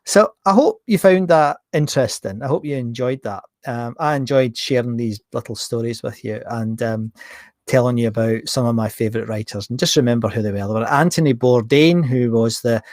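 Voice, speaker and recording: Middle-aged host, animated storyteller, mid-range voice, dry close sound. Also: male voice, mid-range voice, a little fast, no echo. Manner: animated, acts out dialogue in anecdotes. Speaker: podcast host. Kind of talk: casual storytelling monologue.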